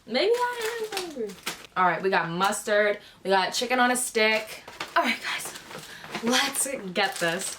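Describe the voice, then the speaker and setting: A woman's voice: fairly high pitch, big pitch swings, moderate pace, noisy background. Chatty young woman eating on camera. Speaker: YouTuber. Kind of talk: casual vlog chat. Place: on her bed at home.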